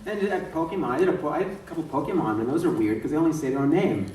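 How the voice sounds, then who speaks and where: Man, voice actor on a convention panel, lively swooping delivery, echoey room, distant mic. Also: on the high side, very fast, a little hiss or hum. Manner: laughing, acts out voices mid-story. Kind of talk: animated storytelling to an audience. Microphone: far from the mic.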